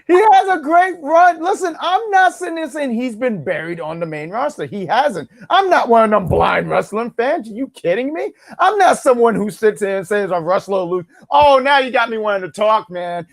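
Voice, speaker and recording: This is a lively, joking co-host of a wrestling review show, whose pitch leaps all over the place while they rant. The voice is recorded close and dry, with no room sound at all. The talk is casual and full of laughter. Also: normal speed, creaky, few pauses, dry recording. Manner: animated, joking, rants and laughs often.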